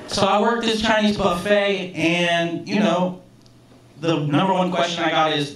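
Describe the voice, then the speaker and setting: A man's voice: high-pitched, slow, pauses often, crowd noise. Profane, self-mocking male stand-up comic. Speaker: stand-up comedian. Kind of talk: stand-up comedy set. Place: comedy club stage. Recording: roomy club sound from a distance, audience laughter.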